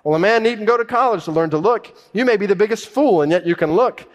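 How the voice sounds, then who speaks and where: A man's voice: high voice, lively intonation, quick pace, big-room sound, pitched above the performer's own voice. A man voicing a thin, unschooled village lay preacher in a mock broad Essex accent, plain-spoken and emphatic.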